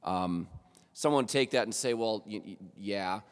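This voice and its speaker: A man's voice: fairly low pitch, a little slow, clean tone. Lecturing man in a reverberant hall. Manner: conversational lecturing, often asking "right?" of the audience. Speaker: college journalism professor. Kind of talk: lecture at a faculty roundtable. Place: college auditorium stage.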